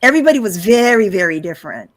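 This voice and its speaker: A woman's voice: medium pitch, big pitch swings, racing. A woman attorney, a guest in a casual interview, chatty and self-deprecating, with many fillers and restarts.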